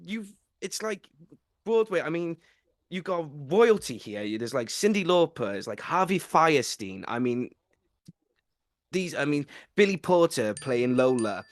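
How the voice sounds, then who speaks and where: A man's voice: a little high, sing-song, unhurried, no echo, clean studio sound. A man hosting a podcast, asking rambling, enthusiastic questions. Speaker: podcast host. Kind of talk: casual interview chat.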